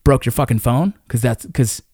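A man's voice: mid-range voice, moderate pace, darkish tone, dry recording, clean studio sound. A man in his thirties or forties, a military veteran guest talking in a blunt, profane, emphatic way in casual conversation.

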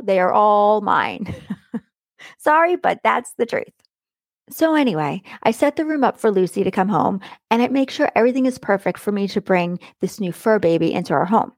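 A middle-aged woman hosting a podcast tells a personal story in a chatty, blunt manner and laughs often. Her voice is a little high, and the studio recording is clean and dry.

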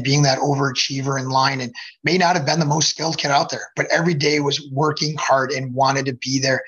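A man's voice: medium pitch, a bit bright, highs cut off. A middle-aged man, a hockey coach, chatting as a podcast guest and rambling with many fillers and restarts. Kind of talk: casual podcast chat.

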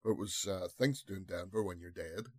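A man talks over films on a casual podcast in a low voice. He rambles, trails off and hunts for titles mid-sentence. The sound is dry and close, with no echo. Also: fast. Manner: rambling, searches for words, many fillers. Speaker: podcast co-host. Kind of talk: casual film review chat.

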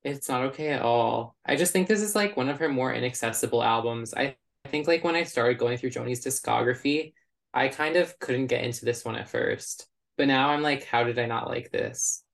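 A man's voice: mid-range voice, a little fast, creaky. A man co-hosting a podcast, chatting casually in an eager, self-deprecating way. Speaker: podcast co-host. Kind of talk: casual chat.

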